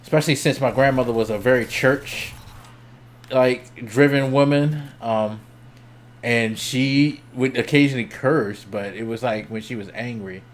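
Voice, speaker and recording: Swearing, animated male streamer. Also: mid-range voice, unhurried. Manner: animated, swears freely, voice jumps up when excited; laughs between lines. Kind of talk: casual storytelling.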